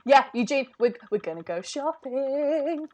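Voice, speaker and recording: A woman playing a character in a tabletop game, bubbly and excitable. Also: high voice, unhurried, a crowd in the background. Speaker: player. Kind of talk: in-character tabletop role-play.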